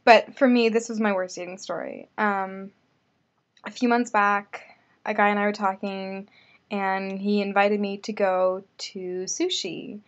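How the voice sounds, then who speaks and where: A woman's voice: mid-range voice, level tone, a little slow, dull audio. A young woman telling a casual vlog story, chatty and full of "like" fillers. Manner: chatty, filler-heavy with lots of "like". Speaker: vlogger.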